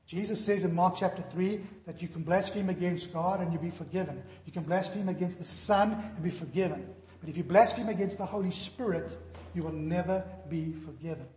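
A man's voice: high-pitched, brisk, a little mellow. A man preaching a sermon earnestly, his voice sinking solemn on warnings, in a church hall. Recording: echoey hall.

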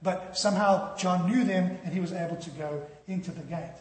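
A pastor tells his sermon like a story, his high voice running a little fast and dropping dramatically in volume at moments. Echoing hall reverb surrounds him.

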